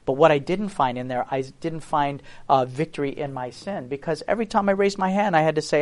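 This is a man giving a preaching testimony, his voice sitting a little higher than most men's. He speaks earnestly and with emphasis, often turning to the listeners with rhetorical questions. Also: brisk, few pauses.

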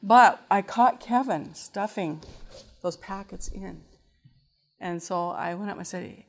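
A woman stands before an audience and gives her testimony as a story. She tells it warmly and with energy, slipping into the voices of the people she describes. Her voice sits at an ordinary middle pitch. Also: measured pace, slight background noise. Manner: lively storyteller who acts out voices and laughs. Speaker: former GED lab teacher giving testimony.

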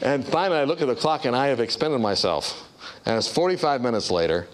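A man preaching a storytelling sermon, acting out the voices of the people in his stories. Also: fast talker. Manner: animated storyteller, acts out voices with big pitch jumps.

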